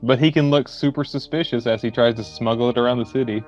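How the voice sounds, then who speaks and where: Man, mid-pitched, wry sarcastic movie banter, faint music behind. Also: fairly even intonation, fast, darkish tone, muffled recording. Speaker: podcast co-host. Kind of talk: casual movie chat over beer.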